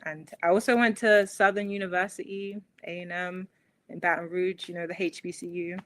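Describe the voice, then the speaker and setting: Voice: medium pitch, flat delivery, fairly quick, a bit bright, low-quality recording. Young guest with a British-American accent. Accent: British, mixed with some American. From London. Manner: chatty, lots of fillers and light laughs. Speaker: podcast guest. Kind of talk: casual interview chat.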